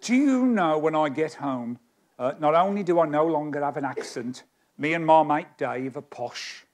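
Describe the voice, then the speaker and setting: A man's voice: a little high, lively intonation, moderate pace, slight background noise. A man performing live stage magic, chatting with volunteers in a self-mocking, joking way. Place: stage of a magic society hall.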